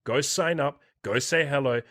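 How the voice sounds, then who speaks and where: A man's voice: medium pitch, moderate pace, fairly bright tone. A man hosting a podcast interview, talking bluntly in a casual, profanity-heavy way and pushing listeners to take action. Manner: blunt, heavy swearing, pep-talk energy. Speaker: podcast host and dating coach.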